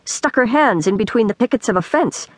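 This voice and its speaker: Animated woman reading a children's book. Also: a little high, fairly quick, no echo. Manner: animated storytelling. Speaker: audiobook narrator. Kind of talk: scripted narration. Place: recording studio.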